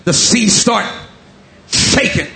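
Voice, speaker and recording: A male pastor preaching a sermon, shouting in a rising, chanting rhythm with many drawn-out "uh" fillers. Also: high voice, animated, vocal fry.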